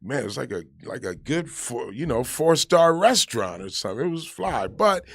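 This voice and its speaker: A man in casual conversation, an army veteran telling his stories in an animated way and acting out the shouted lines of the people in them. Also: medium pitch, moderate pace, vocal fry, no room sound, clean studio sound. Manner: animated storyteller, acts out quoted shouts. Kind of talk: casual storytelling chat.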